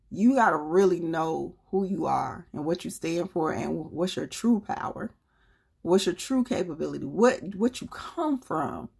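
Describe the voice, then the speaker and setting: A woman with a Southern US accent talks casually to her viewers on a live stream, earnest and a little preachy. Her voice sits low and comes out husky, with a gravelly edge. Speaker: livestream host.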